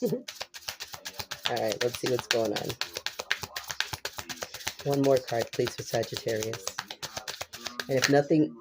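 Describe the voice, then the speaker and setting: A man's voice: mid-range voice, steady tone, measured pace, long pauses, background noise. A man with a congested, stuffy nose giving a casual tarot reading, repeating himself and exclaiming with casual swearing. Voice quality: unusual voice. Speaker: tarot reader.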